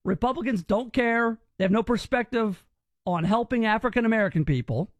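A man's voice: high-pitched, brisk, dry recording. A man hosting a radio talk show, mocking and incredulous as he picks apart news clips.

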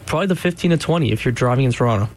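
A man on a radio show replying to the host in a loose, relaxed way. He pads his explanations with small fillers and keeps the chat casual. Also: medium pitch, very fast, dry recording. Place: radio studio.

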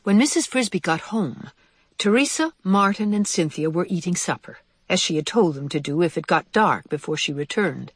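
A woman narrating a children's storybook aloud in a measured, expressive way. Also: fairly low pitch, husky, no room sound. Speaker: reader.

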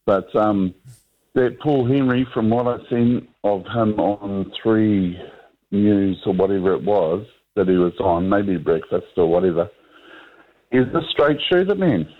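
Slow, low New caller on a phone line. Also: male voice. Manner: rambling, hesitant, many ums and restarts. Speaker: radio caller. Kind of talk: talkback radio call.

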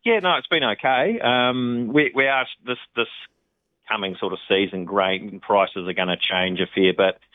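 A man's voice: fairly low pitch, moderate pace, no echo. A man with a New Zealand accent, a pork industry representative talking casually on the phone in a rambling way with many ums. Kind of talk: radio phone interview. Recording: tinny phone line.

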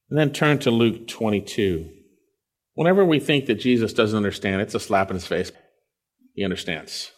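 Earnest male preacher reading scripture. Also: fairly low pitch. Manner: earnest, swells loud on key phrases then drops quiet. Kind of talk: expository sermon with scripture reading.

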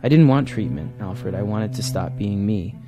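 A man's voice: on the low side, animated, normal speed, over music. A man reading aloud a haunted, driven young man of twenty-five who confesses his past with intensity. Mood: confessional. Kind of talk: reading a comic script aloud.

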